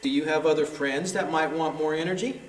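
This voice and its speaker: A man's voice: fairly high pitch, fairly even intonation, brisk, reverberant, slight background noise, low-quality recording. A man, a paranormal investigator, talks tenderly to unseen spirits in a derelict hospital at night, pleading and calling them honey and sweetheart. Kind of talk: coaxing talk to unseen spirits.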